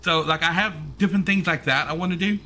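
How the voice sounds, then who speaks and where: Bright-voiced rambling male streamer. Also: on the high side, fast, soft background music. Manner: rambling, many fillers and restarts. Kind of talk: casual chat while gaming.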